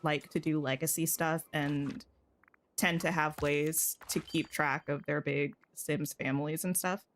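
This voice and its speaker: A woman's voice: low voice, steady tone, measured pace, slight background noise. A woman streaming a video game, chatting casually and thinking aloud as she plays. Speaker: gaming streamer. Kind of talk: casual gameplay chat.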